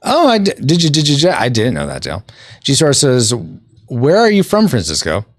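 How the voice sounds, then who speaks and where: A man's voice: mid-range voice, wildly swooping pitch, normal speed, dry recording, studio quality. A man hosting a podcast, chatting casually while playing a video game and reading out chat messages. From California and Colorado. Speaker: podcast host.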